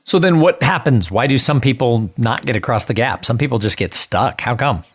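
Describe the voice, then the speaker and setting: A male podcast host with a mid-pitched voice, talking with a guest in easy, conversational tones. He gets lively and energetic when he turns to the sponsor read. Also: normal speed, breathy edge. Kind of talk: conversational interview.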